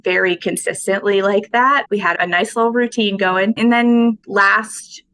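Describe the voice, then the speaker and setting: A woman being interviewed about her pottery, speaking in a soft, thoughtful, unhurried way. She talks casually and fills her pauses with "um" and "you know.". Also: medium pitch, fairly even intonation, slight background noise, poor audio. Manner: soft-spoken, thoughtful, with frequent fillers. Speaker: guest potter.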